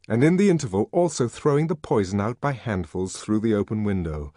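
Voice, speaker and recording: A man narrating an audiobook with a dramatic, expressive reading. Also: fairly low pitch, normal speed, few pauses, dry recording, clean studio sound. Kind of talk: scripted narration.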